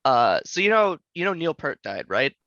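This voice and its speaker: A man chats loosely as a podcast co-host, joking around and ready to rant. His voice sits a little high and sounds bright and forceful. The sound is dry, close, and a little muffled, like a modest lo-fi mic. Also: very animated, normal speed, no echo. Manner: joking, prone to ranting. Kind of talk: casual chat.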